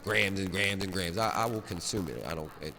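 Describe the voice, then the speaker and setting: A man telling a long, profane story in a rambling, animated way, often laughing at himself. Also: low voice, a little fast, vocal fry. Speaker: storyteller at a cannabis rally. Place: large stone rotunda, indoors. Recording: echoey rotunda with crowd.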